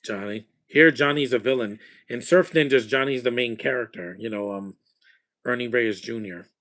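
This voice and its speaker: A man's voice: mid-range voice, moderate pace, a bit bright. A man giving a live, off-the-cuff commentary while he watches a film, rambling between remarks and often restarting his sentences.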